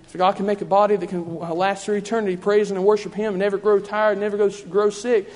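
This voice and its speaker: A preacher man delivers a revival-style sermon in a church, his fervent cadence circling back on the same phrases. His voice sits high for a man. The sound carries a long reverb from the hall. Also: little pitch movement, quick pace, a little mellow.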